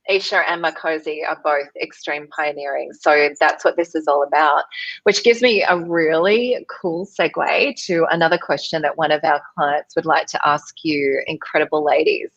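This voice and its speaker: A woman's voice: low voice, a bit bright, no room sound. Effusive woman host, dull dry audio. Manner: effusive and affirming. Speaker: panel host. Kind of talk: hosted panel discussion.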